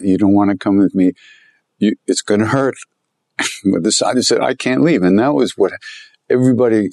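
A man telling a story in conversation, rambling and repeating himself as he gets animated. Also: low voice, dry recording. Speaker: guest telling stories about his teacher.

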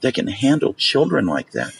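Male storyteller, gravelly, animated, acts out quotes; faint background hiss. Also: mid-range voice, moderate pace, low-quality recording. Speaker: magician and storyteller guest. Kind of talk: casual storytelling chat.

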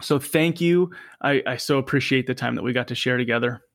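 A man's voice: medium pitch, fairly quick, no room sound, studio quality. A man hosting a podcast, thanking his guest gratefully and often repeating his words. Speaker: podcast host. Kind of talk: podcast interview closing remarks.

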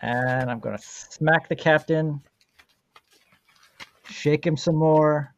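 A man's voice: a little high, steady tone, takes it slowly, slight background noise. A man playing a tabletop game, describing his character's actions urgently, rambling with fillers. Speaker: player. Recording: dull lo-fi mic.

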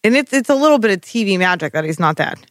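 A podcast co-host chatting about a show, laughing often and thinking out loud with casual swearing. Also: medium pitch, big pitch swings, rapid-fire, no echo, studio quality. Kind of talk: casual recap chat.

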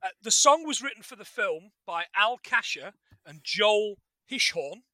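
A man co-hosting a casual film chat, animated and jokey, swearing freely. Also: sits high, measured pace, no room sound. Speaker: podcast co-host.

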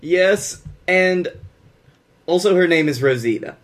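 Wry man with a slightly high voice. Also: lively intonation, slow pace. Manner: wry, sarcastic, hesitant with fillers. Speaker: podcast co-host. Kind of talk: casual movie review chat.

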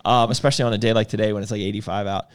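A man's voice: lowish voice, fairly even intonation, very fast, smooth. Chatty man telling a story. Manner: loose storytelling with many fillers. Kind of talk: casual chat.

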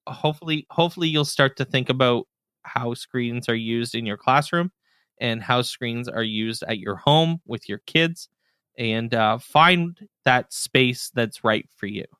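Male podcast host, bright and punchy, dry studio sound, loose conversational read. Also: mid-range voice, a little slow, smooth, no room sound. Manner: chatty, trails off and restarts, relaxed. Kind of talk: casual podcast chat.

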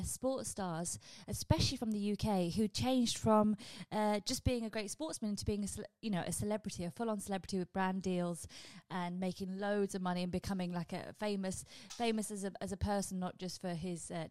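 A woman hosting her own vlog, chatting casually and rambling with quick asides to her viewers. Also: mid-range voice, darkish tone, no room sound. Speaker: vlog host. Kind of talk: casual chat.

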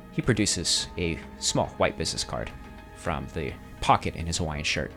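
A man's voice: low voice, moderate pace, faint music behind. A man running a tabletop game as game master, narrating scenes and voicing side characters in an easygoing way. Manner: lively, easygoing.

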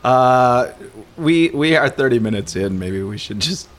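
A man hosting a podcast in a relaxed, easygoing chat. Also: medium pitch, a little slow. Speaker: podcast host. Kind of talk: casual chat.

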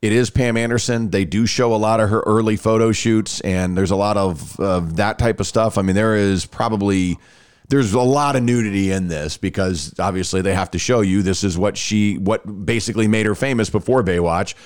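A man's voice: lowish voice, moderate pace, smooth, no room sound, clean studio sound. A man hosting a podcast, chatting casually and rambling with frequent restarts. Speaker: podcast host. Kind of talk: casual chat.

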